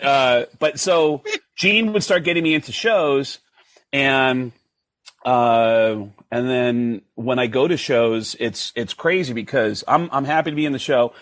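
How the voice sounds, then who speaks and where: A man, a comedian, telling stories in an animated way and jumping high when he quotes himself. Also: no echo. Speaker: guest comedian. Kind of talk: casual storytelling.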